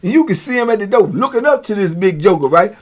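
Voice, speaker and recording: Guy telling prison stories, laid back, slangy, laughs a lot, kinda higher voice. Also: fast talker. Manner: animated, slangy, laughs often, keeps asking "you know what I'm saying". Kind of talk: casual storytelling.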